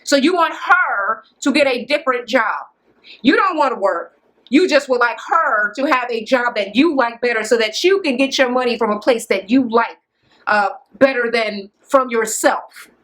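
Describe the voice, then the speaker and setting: A woman's voice: on the high side, expressive, moderate pace, fairly bright tone. A woman vlogger giving a casual recap of a reality show, blunt and profane, sarcastic, often laughing at her own jokes. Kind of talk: casual ranting recap commentary.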